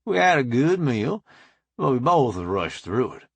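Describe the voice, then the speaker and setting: A man's voice: mid-range voice, big pitch swings, a little slow, creaky, slightly rough, no echo. A man narrating a first-person audiobook in an easygoing, matter-of-fact way, close to the mic.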